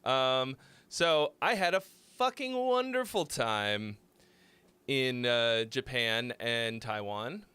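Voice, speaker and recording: A man's voice: mid-range voice, sharp tone, clean tone. A young man hosting a live music-critique stream, chatting loosely, rambling and swearing freely. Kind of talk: casual live-stream chat.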